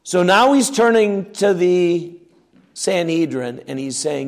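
A man's voice: high-pitched, animated, slow pace, vocal fry. A man teaching the Bible verse by verse, reading passages aloud and explaining them with emphasis. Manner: emphatic, reads scripture aloud then explains it.

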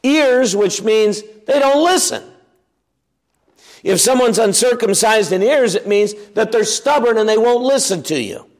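Guy teaching scripture verse by verse, kinda high voice, emphatic, reads then explains. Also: animated, a little slow. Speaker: Bible teacher.

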